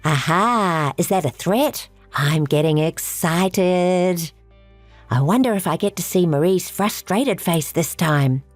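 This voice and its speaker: Gloating as a selfish, scheming woman who steals husbands, the performer's pitch rises and falls in broad, lively arcs. Her delivery is measured with few pauses, dry and close with no echo, while soft music plays beneath, texting-story style.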